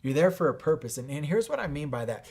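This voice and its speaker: A middle-aged man giving a casual faith-based motivational talk. He speaks conversationally, with many fillers and restarts, and grows animated when he retells a story. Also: on the high side, fast, slightly rough. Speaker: fitness instructor and faith speaker.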